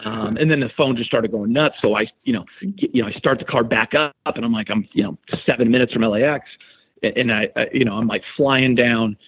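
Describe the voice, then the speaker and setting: A man, a sports radio host, retelling a story in casual podcast talk, getting animated and loud as he goes. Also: a little fast, husky. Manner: excited, animated retelling with rising pitch. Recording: tinny phone line.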